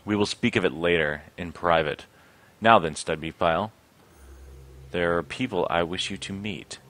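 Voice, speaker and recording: A man's voice: low voice, moderate pace, fairly bright tone, no echo. A man reading out the lines of a cold, wealthy older businessman from a computer game in his own plain voice. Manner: reads lines plainly, no voice put on. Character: cold wealthy older male corporate patriarch.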